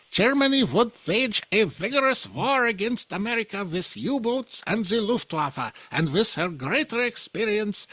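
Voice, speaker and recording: A man's voice: mid-range voice, no echo. A man hosting a podcast, telling a history story casually and pointing out pictures as he talks. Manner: conversational, with fillers, pointing out pictures as he goes. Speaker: podcast host.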